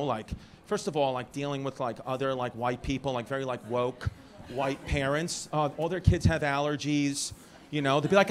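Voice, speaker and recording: A man doing stand-up comedy, teasing the front row in a rambling way that keeps cutting itself off. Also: a little high. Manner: rambling, teasing, self-interrupting. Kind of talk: stand-up comedy with crowd work. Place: comedy club. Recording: live club with loud crowd and noise.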